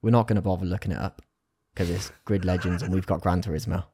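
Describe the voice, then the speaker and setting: A man co-hosting a gaming podcast, chatting in a relaxed, rambling way. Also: deep voice, fast talker, breathy edge, no echo, clean studio sound. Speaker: podcast co-host. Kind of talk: casual gaming podcast chat.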